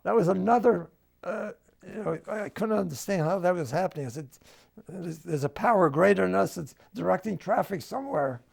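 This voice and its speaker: An older man with a New Jersey accent tells family stories during an oral history interview at home, acting out the dialogue he quotes. His voice sits high and is brisk, a little mellow, with vocal fry.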